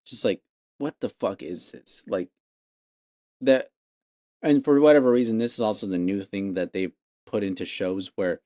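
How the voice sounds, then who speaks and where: A man's voice: on the low side, moderate pace, long pauses, warm tone, no echo, clean studio sound. A man hosting a podcast, ranting casually with lots of swearing and exasperated laughs. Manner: profane, exasperated, laughs mid-sentence. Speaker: podcast host.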